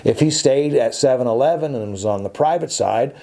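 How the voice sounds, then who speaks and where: Male attorney host, warm mellow tone, insistent and repetitive, stumbles often. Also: mid-range voice, a little fast, gravelly. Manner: emphatic, repetitive, stumbles and restarts. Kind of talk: opinionated podcast monologue.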